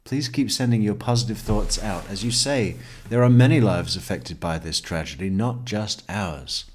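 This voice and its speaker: A man's voice: on the low side, darkish tone, slightly rough. A man commenting on a courtroom testimony, reading passages aloud with a sardonic tone and frequent laughs. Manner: sardonic, laughs often, slow deliberate reading. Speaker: true crime commentator.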